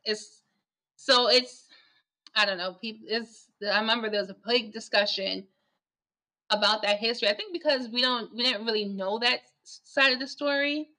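Bright-voiced musing woman co-host. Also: on the high side, normal speed. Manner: musing, hesitant, with restarts. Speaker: podcast co-host. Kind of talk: casual chat.

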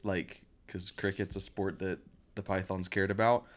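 A man's voice: low voice, level tone, moderate pace. A man in casual conversation, eagerly sharing fun facts about a comedy film. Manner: enthusiastic, shares fun facts. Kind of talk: casual movie discussion.

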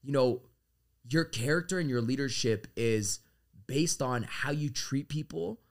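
A man's voice: medium pitch, a little slow. A man from Canada, a podcast guest, talking energetically and swearing freely as he tells stories from his working life. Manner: energetic, profane, storytelling. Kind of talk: casual podcast conversation.

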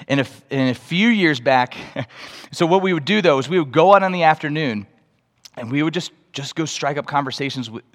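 A young man preaching a sermon, telling a story with animated energy that jumps into excited outbursts. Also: mid-range voice. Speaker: pastor. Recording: long reverb of a large hall.

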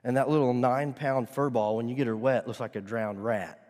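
A man's voice: mid-range voice, fairly even intonation, a little fast. Earnest preaching man in a reverberant hall. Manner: earnest, building to loud emphatic stretches. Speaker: pastor. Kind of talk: sermon.

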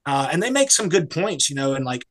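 A man's voice: a little high, very animated, brisk, a bit bright, rough recording. A young American man, a serving legionnaire, talking casually and bluntly with lots of fillers and swearing. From United States. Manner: blunt, profane, rambling with many fillers. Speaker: serving Foreign Legionnaire, guest. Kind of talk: casual podcast interview.

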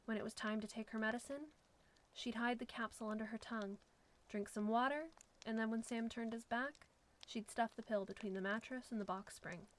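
A woman's voice: a little high, fairly even intonation, a little fast, slight background noise, rough recording. Woman narrating a suspenseful story.

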